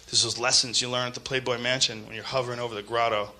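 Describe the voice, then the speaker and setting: A man doing a stand-up comedy set, profane and ranting, swinging from shouting bits to low muttered asides. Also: fairly even intonation, quick pace, few pauses, very noisy.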